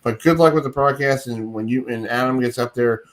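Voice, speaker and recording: A man's voice: medium pitch, a little fast. A man hosting a sports radio show from his home, telling stories in a rambling, chatty way. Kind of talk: casual radio chat.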